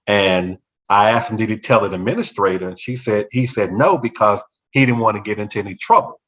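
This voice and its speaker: Animated storytelling man. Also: lowish voice, brisk, hardly any pauses, rough recording. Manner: animated, acts out other people's voices in quotes. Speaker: former school principal. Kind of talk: storytelling in a talk show conversation.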